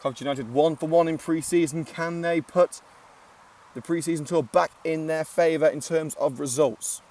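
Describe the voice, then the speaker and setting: A man's voice: a little high, steady tone, moderate pace, a little mellow, recorded from a distance. A man giving casual live commentary at an outdoor football ground, chatty and joking with lots of filler "uh"s. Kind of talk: live amateur match commentary.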